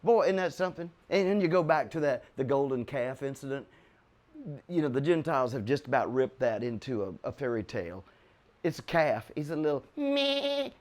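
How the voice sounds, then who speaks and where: An older American man teaching the Bible in an excitable, chuckling way, with sudden loud bursts for emphasis. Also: medium pitch, a little fast.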